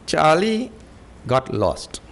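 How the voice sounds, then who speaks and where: A man's voice: on the high side, extremely slow, gravelly. A man teaching scripture in a lecture, repeating key points and acting out stories. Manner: animated teaching with acted-out stories.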